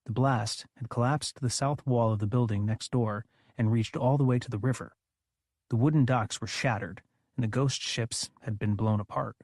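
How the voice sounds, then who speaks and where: Calm man reading an audiobook. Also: medium pitch, normal speed, no room sound, studio quality. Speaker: audiobook narrator. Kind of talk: third-person audiobook narration.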